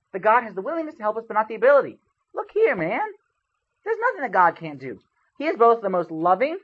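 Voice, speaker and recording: A man's voice: high-pitched, fairly bright tone, slightly rough, highs cut off. A man preaching a casual sermon to young people in a church hall, asking the audience questions and checking in with "okay?". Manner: conversational, quizzes the audience, keeps saying "okay?". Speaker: youth preacher.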